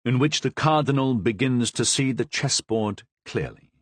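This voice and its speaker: Male audiobook narrator, expressive, dry close-mic read. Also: medium pitch, no room sound. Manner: expressive, measured reading. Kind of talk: scripted narration.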